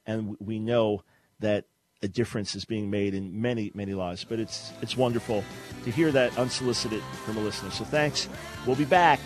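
A man's voice: fairly low pitch, fairly even intonation, normal speed, faint music behind. A middle-aged man hosting a call-in radio talk show, speaking earnestly in a preaching, teaching manner and often restarting his words.

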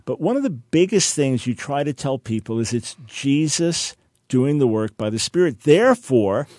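A man's voice: mid-range voice, lively intonation, normal speed, darkish tone, no echo. A man hosting a radio talk show from his studio, interviewing guests with enthusiasm.

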